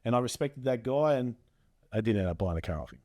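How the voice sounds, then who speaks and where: A man's voice: mid-range voice, animated, fast, a little mellow, no echo, clean studio sound. A man, a business coach as a guest, explaining earnestly with everyday examples. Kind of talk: casual chat.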